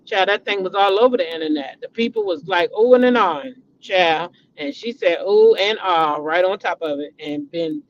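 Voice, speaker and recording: Animated gossiping woman, dull lo-fi sound. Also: on the low side, moderate pace, few pauses. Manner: animated, repeats names, exclaims dramatically. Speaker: host. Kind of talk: casual gossip chat. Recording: dull lo-fi recording.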